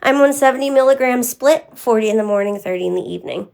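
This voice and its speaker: Gravelly-voiced young woman chatting on a live stream. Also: fairly high pitch, quick pace, darkish tone. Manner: candid, answers commenters by name. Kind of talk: casual live-stream chat with viewers.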